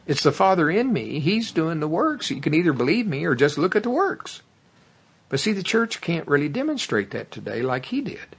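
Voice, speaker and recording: A man preaching a fervent sermon that builds to loud exclamations, then leads a prayer. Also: fairly high pitch, breathy edge. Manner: fervent, rising to exclamations, tongues.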